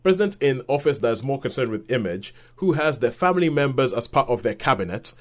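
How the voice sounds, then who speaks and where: A man's voice: mid-range voice, a little fast. Chatty man reviewing films on a podcast. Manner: animated retelling with acted-out quotes and laughs. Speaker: podcast co-host, film reviewer. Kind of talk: casual film review chat.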